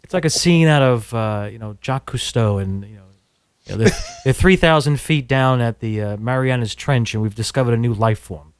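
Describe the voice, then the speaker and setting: A man's voice: medium pitch, a little fast, smooth, no echo. Wry man on a dry mic. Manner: wry, tangents, frequent ums. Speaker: radio engineer, co-host. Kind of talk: casual chat.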